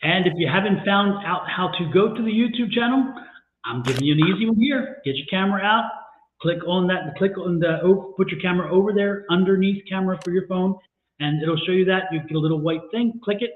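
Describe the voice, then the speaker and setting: A man's voice: high voice, fairly quick, a little hiss or hum. A man giving live tarot readings on a stream, talking energetically and coaxing viewers with lots of repetition. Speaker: tarot reader and co-host. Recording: echoey room over a tinny phone-like line.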